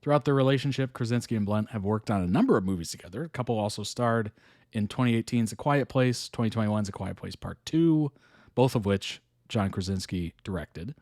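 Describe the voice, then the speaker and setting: A man's voice: fairly low pitch, a little fast, a little mellow, dry recording, clean studio sound. A man hosting a reaction video, reading an article aloud and musing over it casually between chuckles.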